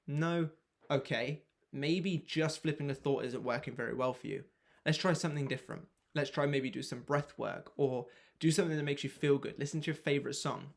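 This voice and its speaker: A man with a gravelly, fry-edged voice explains a self-help method. He coaches listeners by asking a string of yes-or-no questions. His tone is frank, and he swears now and then. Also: mid-range voice. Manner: coaching through repeated rhetorical questions. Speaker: manifestation coach.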